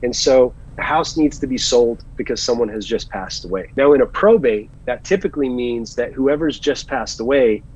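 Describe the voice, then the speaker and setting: A man, an actor, chatting as an interview guest, telling animated stories and giving earnest advice. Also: mid-range voice, normal speed, few pauses, slightly rough, muffled recording. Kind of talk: casual interview chat.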